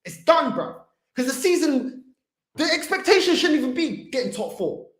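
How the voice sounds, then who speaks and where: A man's voice: very high voice, very animated, moderate pace. A man hosting a football fan channel, delivering a heated livestream rant full of street slang. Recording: echoey room.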